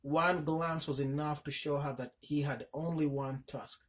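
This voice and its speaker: A man's voice: fairly high pitch, fairly even intonation, unhurried. A man narrating a folk tale, reading steadily with small slips. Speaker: storyteller.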